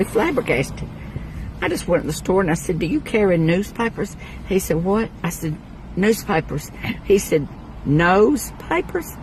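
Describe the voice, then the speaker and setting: A man with a Southern US accent chatting to camera in an animated, exclaiming storytelling way. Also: high-pitched, normal speed, a little hiss or hum. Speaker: social media personality. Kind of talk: casual monologue to phone camera.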